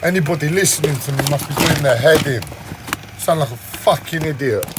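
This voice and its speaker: A man's voice: a little high, a little fast, background noise. A man in an agitated, rambling rant full of swearing, with a whiny voice and a strained throat. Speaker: livestreamer. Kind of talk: ranting monologue.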